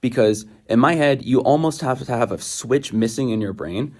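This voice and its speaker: A man's voice: medium pitch, moderate pace, darkish tone. A young man vlogging from a hiking trail, ranting in an exasperated, rambling way and drifting off on tangents. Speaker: thru-hiker vlogger. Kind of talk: rambling outdoor vlog monologue.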